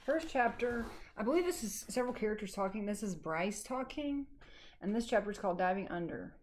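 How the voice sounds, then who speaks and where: A woman teacher reading a chapter book aloud to her class, unhurried and friendly. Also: mid-range voice, lively intonation.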